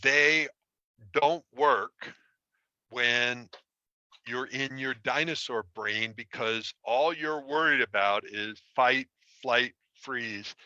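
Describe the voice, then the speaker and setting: A man's voice: mid-range voice, slow pace, bright, forceful tone, no room sound, dull audio. A man teaching an online relationship course, explaining in a conversational way with self-deprecating stories. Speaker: relationship coach. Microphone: streaming from a computer.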